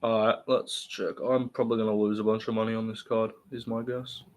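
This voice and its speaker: Hosting a live fight watch-along stream, a man with a fairly low, level voice talks briskly. He rants bluntly, swears a lot, mocks the fighters, and answers chat.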